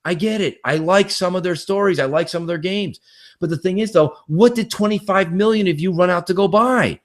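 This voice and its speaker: A man's voice: high-pitched, a little fast. A man on a casual gaming podcast, ranting animatedly and acting out quoted conversations, with plenty of swearing. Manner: animated, profane, acts out quotes. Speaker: podcast co-host.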